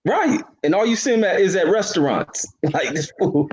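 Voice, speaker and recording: A man's voice: high-pitched, expressive, moderate pace, poor audio. A man co-hosting a casual boxing chat, blunt and slangy with strong opinions.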